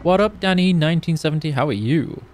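A man's voice: on the high side, expressive, fast talker, a little mellow, a little hiss or hum. A tired man chatting casually on a live gaming stream, reading out chat and humming while he plays. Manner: chatty, reads chat aloud, hums along while playing. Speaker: game streamer on official channel.

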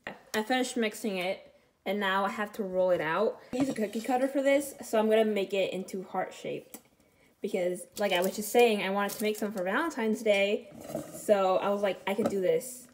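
Young woman vlogger, casual and rambling, mid-pitch, steady background noise. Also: normal speed, poor audio. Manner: chatty, rambling, upbeat. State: slightly out of breath while walking. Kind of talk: casual vlog chat to camera. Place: outdoors in a park at sunset.

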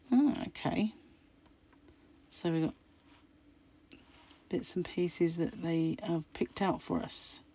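Croaky middle-aged craft host, deep gravelly voice, chatty and musing. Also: female voice, dark tone. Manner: chatty, musing aloud while flicking through pages. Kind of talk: casual magazine unboxing chat.

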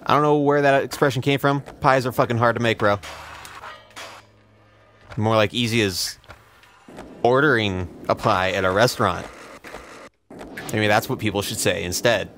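The let's play host, a young man, narrates his game with profane sarcasm and self-deprecating humor. His voice is fairly low and fairly bright at a moderate pace with long pauses, over a little hiss or hum.

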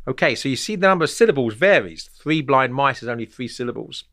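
A man at a middle pitch talks through poetic meter off the cuff, stopping and restarting as he finds his words. His delivery is unscripted and explanatory, the manner of a host thinking aloud. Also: a bit bright. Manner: halting, thinking aloud, with many repeated words.

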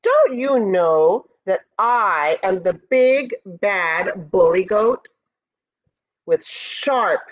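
A big, bragging male bully goat who lingers over every boast, as a woman reading a storybook puts him on. His taunts are slow and swoop up and down. The audio is dull and lo-fi. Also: medium pitch.

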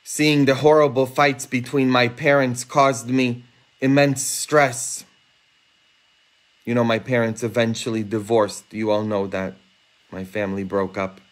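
A man preaching a homily, earnest and emphatic, rising high and intense for rhetorical questions. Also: level tone, a little slow. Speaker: priest. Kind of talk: sermon. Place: church, livestreamed.

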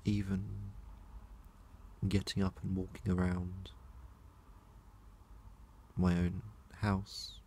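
A man talking casually to camera, slow and halting, with long pauses and a soft, low-key manner. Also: monotone, a little hiss or hum.

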